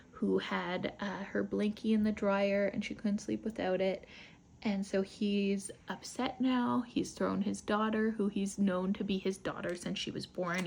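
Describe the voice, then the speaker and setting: Woman host, casual book-club recap, light fry in the voice. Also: mid-range voice, darkish tone, a little hiss or hum. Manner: chatty, rambling retelling with asides.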